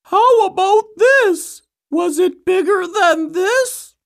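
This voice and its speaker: A worried mother frog from a children's storybook, her voice pitched very high and her words stretched slow and long, as a woman acts her out. She fusses over her little ones with anxious questions. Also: animated, gravelly, heavily acted. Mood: doubtful. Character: anxious mother frog, fussing, grief-stricken. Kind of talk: storybook acting.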